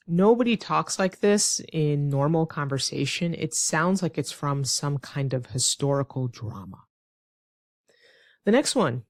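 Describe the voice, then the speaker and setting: An American woman teaching English phrases in an online lesson, lively and with playful acted-out examples. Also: low voice, unhurried, dry recording, studio quality.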